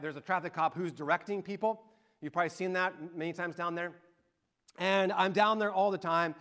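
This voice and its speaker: A middle-aged man preaching a sermon and telling an animated, excited story to his congregation. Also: a little high. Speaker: pastor.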